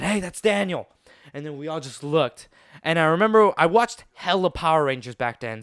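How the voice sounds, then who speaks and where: A young man hosting a gaming channel, telling a story casually over gameplay, animated and dramatic, with sound effects and voiced quotes. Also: on the high side, clear, resonant tone, dry recording, clean studio sound.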